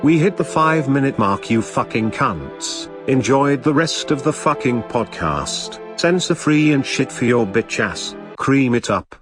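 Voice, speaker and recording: A man putting on a loud, vulgar announcer voice for a podcast drop-in, with music playing behind him. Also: mid-range voice, expressive, a little slow, hardly any pauses, voice pushed up, natural voice. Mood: taunting. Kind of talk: crude mock announcer drop-in.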